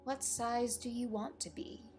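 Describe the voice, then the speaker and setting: A woman voicing a stern, languid caterpillar with slow, curt, drowsy speech, over faint music. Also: a little high, steady tone, a little mellow, pitched above the performer's own voice, close to an everyday voice.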